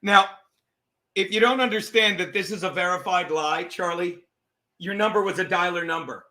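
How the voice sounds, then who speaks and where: A man hosting a comedy podcast, ranting casually in a profane, mocking, excitable way. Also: high-pitched, moderate pace. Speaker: podcast host. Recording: roomy echo.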